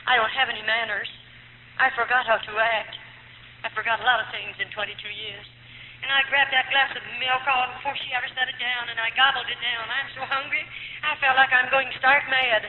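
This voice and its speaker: A woman's voice: fairly high pitch, steady tone, fairly quick. A middle-aged woman from the United States telling her life story as a personal testimony, earnest, her voice rising and falling with feeling. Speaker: former nun giving testimony. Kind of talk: emotional personal testimony to an audience. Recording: tinny lo-fi archive tape in an echoey hall, faint hum.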